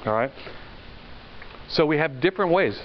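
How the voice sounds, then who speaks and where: A man's voice: fairly high pitch, expressive, normal speed. Man lecturing casually in a hall. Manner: conversational, asks the class questions, tells anecdotes. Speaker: university lecturer. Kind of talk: classroom lecture. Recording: dull lo-fi lecture recording with faint noise.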